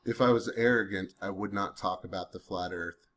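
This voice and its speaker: A man tests a chatbot by dictating to a voice assistant, reading punctuation aloud and bantering with it until he grows irritated and curses. He says he has a weird accent. His low, slightly bright voice moves at normal speed with fairly even intonation.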